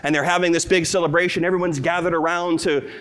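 A man's voice: on the high side, steady tone, quick pace, fairly bright tone, clean tone. A middle-aged man preaching a sermon as pastor, earnest and tender, rising to emotional peaks.

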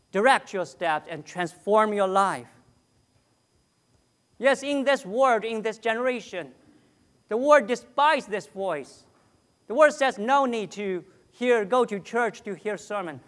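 A man preaching a sermon in a fairly high voice. He speaks slowly and earnestly, with long pauses between phrases. His voice often drops suddenly to a soft, quiet tone. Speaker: pastor.

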